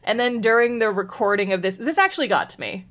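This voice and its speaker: A woman's voice: a little high, fast. Chatty woman podcast host, recapping anime, lots of likes and ums. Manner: chatty, animated storyteller, filler-heavy. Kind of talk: casual anime recap chat.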